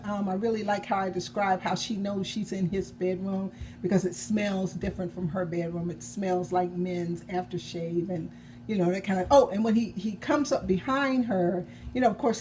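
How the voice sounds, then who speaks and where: A woman's voice: medium pitch, darkish tone, a little hiss or hum. A woman novelist vlogging in a casual chat about her own book, rambling and correcting herself as she goes, with the odd chuckle.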